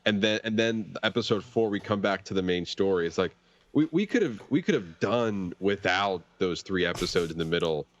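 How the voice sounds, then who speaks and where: A man chatting casually on a podcast in a measured, laid-back way, sometimes critical. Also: deep voice, animated. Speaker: podcast panelist. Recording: dry, dull lo-fi mic.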